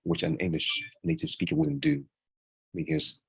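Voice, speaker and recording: A man chatting casually as an interview guest, relaxed and rambling, with many fillers and restarts. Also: extremely low pitch, normal speed, husky. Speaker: guest English speaker.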